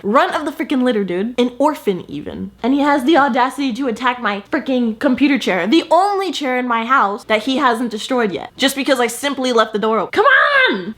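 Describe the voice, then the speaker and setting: A young woman telling a story in a casual, self-deprecating vlog, slightly out of breath. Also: on the high side. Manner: chatty, self-deprecating, swings into loud exclamations. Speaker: content creator.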